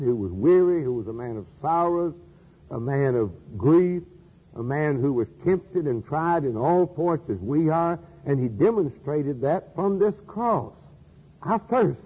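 A man's voice: fairly high pitch, lively intonation, unhurried, slightly rough, in a large hall, muffled recording. A man preaching a sermon in an earnest manner, asking rhetorical questions and repeating key phrases.

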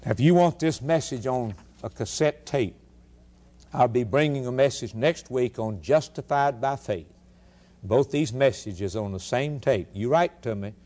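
Guy preaching on the radio, emphatic, keeps asking rhetorical questions, goes loud then quiet. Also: mid-range voice, unhurried. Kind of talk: sermon.

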